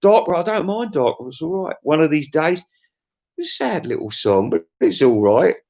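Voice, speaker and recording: A man's voice: fairly high pitch, sing-song, moderate pace, a little mellow. A man giving a rambling, crude comic monologue, swearing freely and chuckling as he reviews albums.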